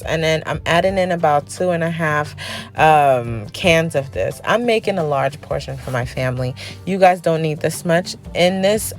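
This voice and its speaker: A young woman narrating a casual cooking video, chatty, often tagging her lines with "okay?" and "honey". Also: low-pitched. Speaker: cooking vlogger.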